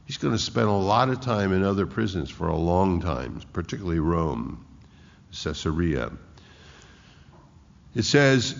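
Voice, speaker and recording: A man preaching a sermon, reading scripture aloud and explaining it with slow emphasis and frequent restarts. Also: lowish voice, animated. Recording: echoey hall, dull lo-fi sound.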